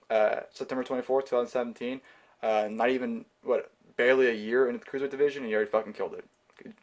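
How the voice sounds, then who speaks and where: A man reviewing a wrestling event in a quick, rushed delivery, with plenty of swearing and heated ranting. He stumbles into restarts and ums as he goes, at a middling pitch. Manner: frequent filler words and restarts. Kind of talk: casual pay-per-view review.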